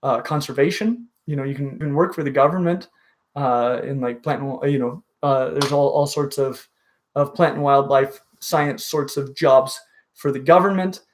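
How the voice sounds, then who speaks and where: A man hosting a casual reptile livestream, enthusiastic and full of halting restarts. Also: medium pitch, steady tone. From dry western region. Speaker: reptile show host.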